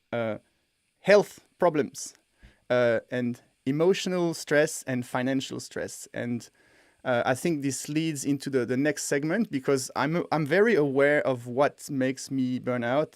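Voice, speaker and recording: A man with an average-pitched voice co-hosts a casual podcast. He tells personal stories in an animated way and often restarts his sentences. The sound is close and dry, with no room echo. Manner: animated storytelling with frequent restarts. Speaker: podcast co-host, developer.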